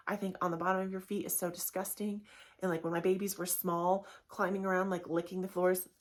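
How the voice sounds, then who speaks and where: A woman in her thirties hosts a casual solo podcast in a mid-range voice. She chats candidly and often slips into quick character voices.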